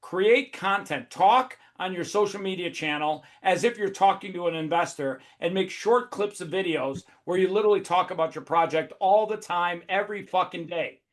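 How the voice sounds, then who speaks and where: A man hosting a webinar, talking in a profane, high-energy, emphatic way. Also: moderate pace, hardly any pauses. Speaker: host. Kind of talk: casual webinar talk.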